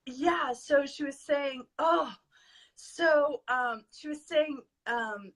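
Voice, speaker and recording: A woman's voice: high voice, slow, a bit bright. A woman guest earnestly sharing a personal spiritual experience, emotional and sincere, at times reading from her notes. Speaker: guest, spiritual advising student. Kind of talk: heartfelt personal sharing in an interview.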